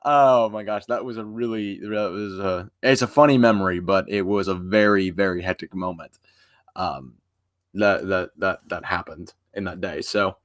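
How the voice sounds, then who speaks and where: Young male streamer, lowish voice, tired, loose rambling chat that trails off quietly. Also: normal speed. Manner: rambling and informal, trailing off softly at the ends of phrases. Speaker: live streamer. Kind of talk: casual live stream chat.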